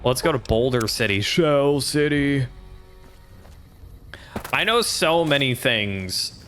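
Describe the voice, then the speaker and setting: A man's voice: mid-range voice, expressive, takes it slowly, a bit bright. A man streaming a game, joking and rambling in casual commentary, cursing freely.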